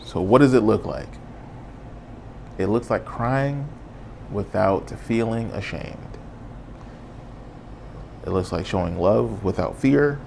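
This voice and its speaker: A man's voice: fairly low pitch, vocal fry, slight background noise. A man hosting a podcast, talking on his own in an earnest, casual and reflective way. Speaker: podcast host. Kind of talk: solo podcast monologue.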